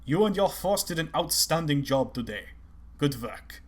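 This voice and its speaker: A man voicing an aristocratic veteran male colonel with a clipped, measured manner. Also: a little high, animated. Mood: stern.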